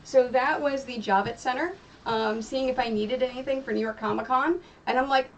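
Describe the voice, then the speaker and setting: A woman's voice: high-pitched, steady tone, normal speed, distant mic, rough recording. Chatty woman streamer, a bit off-mic. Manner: chatty and rambling, with many fillers. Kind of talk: casual chat while quilting. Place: home craft room. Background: music playing.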